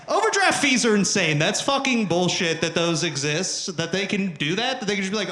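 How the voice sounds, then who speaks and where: A man doing stand-up comedy on a club stage, profane and animated, who sometimes shouts at the crowd. His voice sits high and bright. The recording has a roomy, echoing sound with faint ambience behind it. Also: unhurried, noisy background. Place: live comedy venue on stage.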